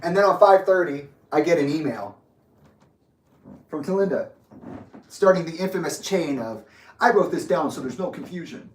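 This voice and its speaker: A man's voice: fairly high pitch, lively intonation, normal speed, pauses often, recorded from a distance. Bitter, sarcastic man ranting in an echoey room. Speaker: vlogger telling his story. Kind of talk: angry personal monologue.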